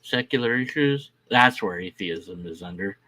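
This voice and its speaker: A man's voice: lowish voice, lively intonation, normal speed, pushed and bright. A man on a live stream, ranting in a casual, rambling way, exasperated and mocking. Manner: exasperated, restless, mocking with blah-blah mimicry.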